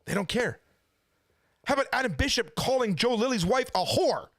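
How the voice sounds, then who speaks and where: A man with a high, animated voice rants indignantly from his kitchen at home. He keeps firing rhetorical questions in a loose, unscripted commentary. The sound is close and dry. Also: moderate pace, dry recording. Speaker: preacher and channel host. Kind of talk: casual ranting commentary.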